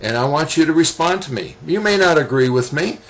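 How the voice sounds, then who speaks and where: Lively middle-aged man telling stories. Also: fairly high pitch, brisk. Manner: folksy storyteller, chuckles at himself. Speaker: author. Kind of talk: video message to viewers.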